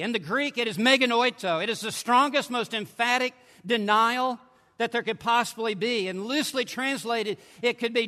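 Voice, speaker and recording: A man preaching in a large hall, his voice high and sharply bright against the long reverb. He delivers his sermon emphatically, leaning hard into declarations and then dropping to quieter, intense asides. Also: normal speed. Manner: emphatic preaching, swinging between forceful and hushed.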